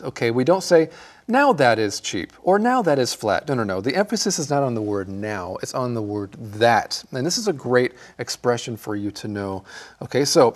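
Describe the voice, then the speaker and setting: A man co-hosting an English lesson, explaining phrases in a friendly, emphatic way. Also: mid-range voice. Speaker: English teacher, co-host. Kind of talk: scripted language lesson.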